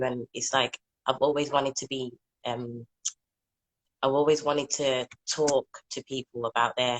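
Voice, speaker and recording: A woman's voice: very deep voice, low-quality recording. A woman hosting a casual live video chat on her phone, chatting freely and asking a guest questions. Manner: chatty, scolding her dog between questions. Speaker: host.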